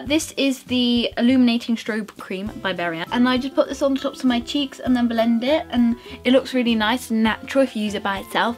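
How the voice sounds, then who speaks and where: A young woman talking through her makeup routine in a bubbly, rambling, self-mocking way. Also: on the high side. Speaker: beauty vlogger. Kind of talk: casual makeup tutorial chat.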